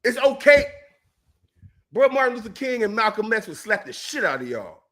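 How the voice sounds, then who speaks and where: A man with a very high, piercing bright voice tears into a heated political rant. He swears freely and his anger keeps rising into shouts. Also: big pitch swings, normal speed. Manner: angry, profane, shouting at times. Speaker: co-host.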